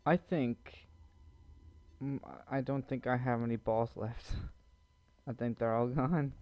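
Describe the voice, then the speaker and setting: A man's voice: mid-range voice, fairly even intonation, takes it slowly, no room sound. A man giving nervous let's-play commentary to his viewers while he plays a horror maze game, joking about being scared. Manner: jumpy, talks to viewers, nervous jokes. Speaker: gamer playing a horror maze. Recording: dull lo-fi mic.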